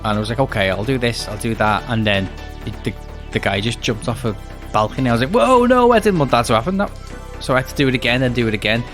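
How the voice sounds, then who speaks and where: A man's voice: mid-range voice, quick pace, fairly bright tone, soft background music. A man co-hosting a casual podcast, talking in a chatty, self-interrupting way and reading a screenplay aloud.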